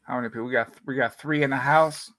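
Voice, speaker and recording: A man with a mid-pitched voice co-hosts a casual livestream. He is laid-back and joking, talking straight to his viewers like friends. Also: steady tone, fast, a bit bright. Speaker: livestream co-host.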